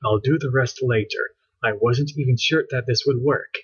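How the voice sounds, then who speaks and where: A man's voice: medium pitch, husky, muffled recording, close to an everyday voice. A man doing a bossy girl mad scientist. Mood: determined. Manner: brisk, matter-of-fact, near his own voice.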